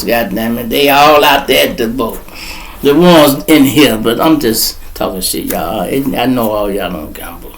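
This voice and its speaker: A man, hosting his own channel and telling a profane, animated story in casual talk. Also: poor audio. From Chicago. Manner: profane, animated storytelling, gets loud and high when excited. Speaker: vlog host.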